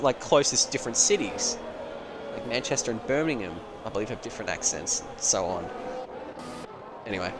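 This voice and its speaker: A man's voice: medium pitch, background noise. A man giving casual, rambling live commentary on a sim racing stream, full of joking asides.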